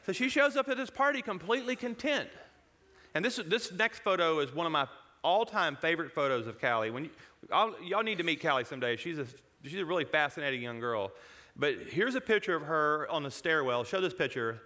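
On the high side and fairly quick, a man animatedly tells his congregation a story from his own life, chuckling and interrupting himself as he goes.

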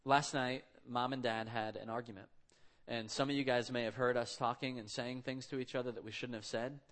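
Bright-voiced man preaching casually. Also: mid-range voice, fairly even intonation, fairly quick. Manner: conversational storytelling, acts out quotes. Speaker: pastor. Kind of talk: sermon.

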